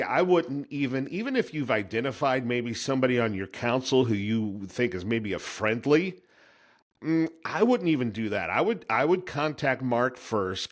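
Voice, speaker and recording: A man hosting a podcast interview, giving listeners direct, firm advice. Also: medium pitch. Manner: direct, advising listeners firmly. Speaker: podcast host.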